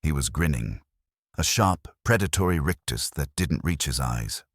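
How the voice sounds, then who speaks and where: A man's voice: extremely low pitch, animated, normal speed, no echo, clean studio sound. A man giving brooding, theatrical scripted narration of a story.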